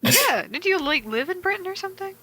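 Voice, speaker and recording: A woman's voice: very high-pitched, animated, brisk, pushed and bright, rough recording. A woman co-hosting a casual podcast chat, laughing a lot and teasing the others. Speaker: podcast co-host.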